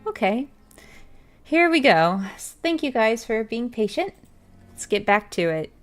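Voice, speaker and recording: A woman's voice: fairly high pitch, very animated, faint music behind. A woman streamer playing a video game, reading in-game text aloud and musing on it. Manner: slow, musing, reads text aloud then comments. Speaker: gaming streamer.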